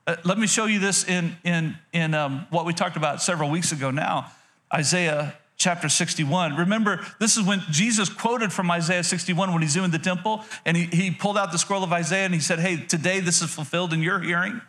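A man's voice: high-pitched, fairly quick, fairly bright tone. A male pastor giving a sermon in an emphatic, repetitive preaching manner with frequent restarts.

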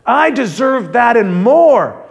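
A man's voice: very high voice, sing-song, slow, pitched above the performer's own voice, full character voice. A man preacher voicing a resentful, self-righteous older brother from a parable. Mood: indignant. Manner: indignant, complaining.

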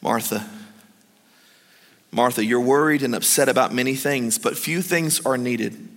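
A male pastor voicing a patient, gentle male teacher, speaking low and soothingly. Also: a little slow, in a large hall, lightly acted.

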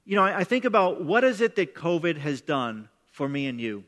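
Here the pastor, a middle-aged man, sounds on the high side and a bit bright, delivering his sermon briskly in a sing-song way. His style stays emphatic and conversational, with words repeated at the start of sentences, all echoing through a big hall.

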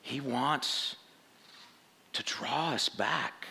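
A man's voice: medium pitch, very slow, vocal fry, bright, forceful tone, husky. A man preaching a sermon in a conversational way, often asking rhetorical questions and checking in with "right?".

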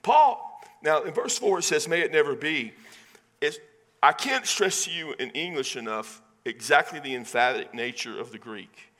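A man with a Texan accent preaching a sermon as pastor, conversational and animated, with casual asides. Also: on the high side, normal speed. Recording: long hall reverb.

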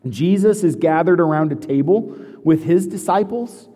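A man's voice: a little high, takes it slowly. Man preaching in a reverberant church. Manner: animated, shifting between hushed scripture reading and lively storytelling. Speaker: pastor. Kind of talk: sermon. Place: church sanctuary. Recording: long hall reverb.

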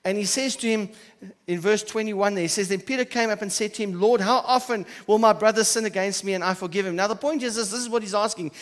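A man preaching a sermon as pastor, swinging between loud emphatic stretches and quiet, soft asides. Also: high-pitched, quick pace. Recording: church hall with long reverb.

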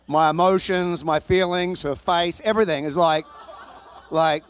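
Man, pastor, sermon, high voice, animated comic storytelling, stumbles and repeats words, dry close sound. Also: unhurried, clear, resonant tone, no echo. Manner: animated, comic storytelling with frequent repetitions and restarts.

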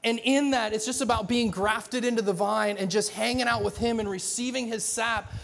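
Animated man preaching, high voice. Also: normal speed, gravelly, a little hiss or hum. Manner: animated, conversational, many restarts, acts out dialogue. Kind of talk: sermon. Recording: long hall reverb.

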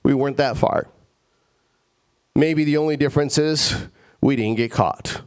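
A man's voice: medium pitch, unhurried, clear, resonant tone. A male pastor preaching a sermon in an earnest way, repeating phrases and stammering into restarts.

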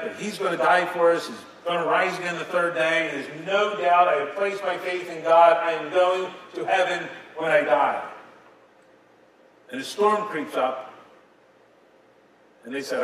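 A man preaching a sermon, retelling scenes dramatically, with sudden swings between loud and soft. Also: on the high side. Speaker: pastor. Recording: echoey hall from a distance, faint ambience.

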